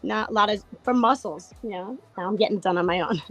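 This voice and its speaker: A middle-aged woman with a hoarse voice, candidly chatting about trading on a panel, laughing and swearing casually. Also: medium pitch, quick pace, rough recording. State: lost her voice, tired.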